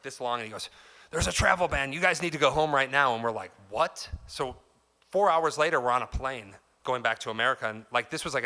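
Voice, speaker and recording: A man talks to a live crowd at a music store clinic, loose and chatty as he acts out the people in his story. His voice sits at an everyday pitch for a man. It has a bright, forceful edge. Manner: chatty and loose, heavy on "like" and "dude", acts out quotes. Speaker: guest guitarist giving a store clinic. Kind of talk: casual storytelling to a live audience.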